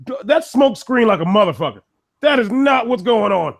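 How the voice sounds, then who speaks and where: A man's voice: high voice, lively intonation, moderate pace, vocal fry. A man co-hosting a casual talk, ranting bluntly and swearing heavily. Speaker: podcast co-host. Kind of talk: casual profane discussion.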